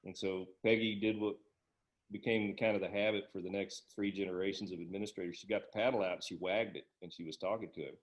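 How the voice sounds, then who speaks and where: A middle-aged man, a guest on a podcast, telling school anecdotes in a relaxed, casual way. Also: deep voice, quick pace, poor audio. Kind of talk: casual interview chat.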